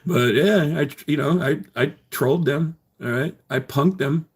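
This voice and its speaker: A man's voice: on the high side, a little slow, husky. A man telling a story casually on his livestream, rambling with many fillers and restarts.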